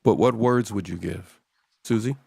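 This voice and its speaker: A man's voice: fairly low pitch, moderate pace, creaky, warm tone, husky, no room sound. A man hosting a casual talk show, rambling and speaking straight to his audience. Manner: rambling, addresses the audience directly. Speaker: host.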